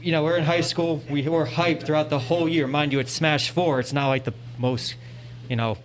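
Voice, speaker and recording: A man's voice: a little high, fairly even intonation, brisk, a little hiss or hum. A young man at a convention panel, telling an earnest, rambling story into a handheld mic and often saying "you know". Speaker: audience member at a panel. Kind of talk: casual anecdote. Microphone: handheld panel microphone.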